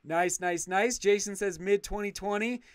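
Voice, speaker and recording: Livestream host, male, effusive and excitable; smooth, resonant tone. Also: sits high, normal speed, no echo. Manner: excitable, effusive thanks, frequent restarts. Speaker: channel host reading live chat. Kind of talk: casual livestream chat.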